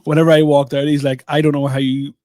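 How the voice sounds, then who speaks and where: A man's voice: fairly high pitch, little pitch movement, fast, mellow, no room sound. Young male co-host; rambling, self-mocking storyteller in loose chat, dry booth sound. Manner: rambling, self-deprecating storytelling with many restarts. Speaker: podcast co-host and comedian. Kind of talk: casual chat.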